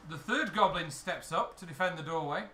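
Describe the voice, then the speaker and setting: Bright high-voiced man narrating a tabletop game. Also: a little fast, slight background noise. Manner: descriptive, steady game narration. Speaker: dungeon master. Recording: echoey room from a distance.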